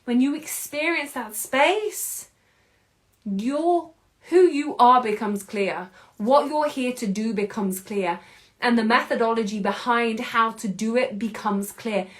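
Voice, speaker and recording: Energetic woman, bright higher voice. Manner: energetic and emphatic, quick bursts of speech; casual, with mild swearing and laughs. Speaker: podcast host and anxiety coach. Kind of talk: motivational monologue.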